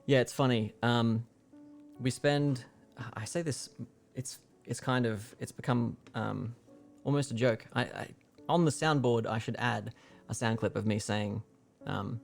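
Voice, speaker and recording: A man's voice: mid-range voice, unhurried, vocal fry, faint music behind. A young man casually explaining a keyboard build on a livestream, rambling with lots of fillers. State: hiccuping.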